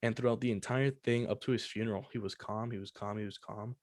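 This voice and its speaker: A man's voice: lowish voice, fairly even intonation, fast talker, a little mellow, no echo, clean studio sound. A young man hosting a podcast, telling a personal story in casual, profane chat full of fillers. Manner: loose and profane, many fillers. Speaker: podcast host.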